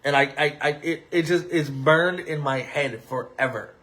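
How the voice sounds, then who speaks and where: Rambling casual man, fairly high voice. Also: normal speed, fairly bright tone, low-quality recording. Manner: rambling, many fillers and restarts, upbeat asides. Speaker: podcast host. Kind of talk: casual solo wrestling podcast rambling.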